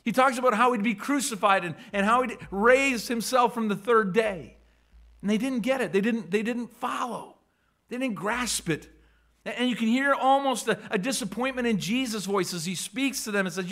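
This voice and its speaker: A man's voice: high voice, animated, normal speed, a bit bright. A man preaching a sermon, acting out the voices of scripture figures with dramatic swings and frequent repeated words. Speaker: pastor.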